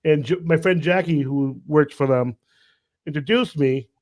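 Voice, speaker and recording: A man co-hosting a casual podcast chat, telling stories in an animated, stumbling way. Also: fairly high pitch, a little slow. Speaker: podcast co-host.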